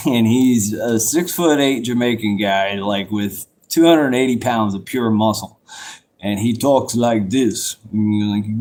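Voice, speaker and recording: A man's voice: medium pitch, a little slow, a little mellow. A man telling a rambling, casual story, swearing freely and circling back on himself. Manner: rambling, profane, loose and conversational. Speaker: vlogger telling a life story.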